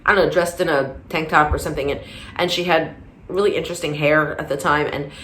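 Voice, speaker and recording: Lower-voiced woman rambling on in a casual commentary vlog, lots of restarts, roomy echo. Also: steady tone, fast, a bit bright, slight background noise. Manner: rambling, many restarts, gets heated. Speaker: commentary vlogger.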